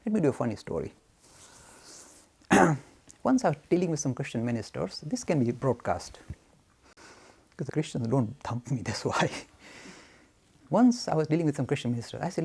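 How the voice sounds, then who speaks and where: Male religion speaker, lively and gravelly, emphatic in a question-and-answer session. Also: on the high side, normal speed, long pauses. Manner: emphatic, animated, telling anecdotes. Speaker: speaker on Hinduism. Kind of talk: lecture answering audience questions.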